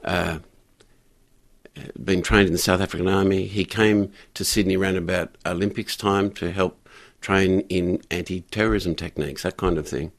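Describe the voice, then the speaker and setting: An older man speaks in a very low, gravelly voice during a radio interview. He tells his story haltingly, stopping and restarting often, and chuckling now and then. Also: steady tone. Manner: halting, many restarts and fillers, chuckles while telling. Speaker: guest, community pastor.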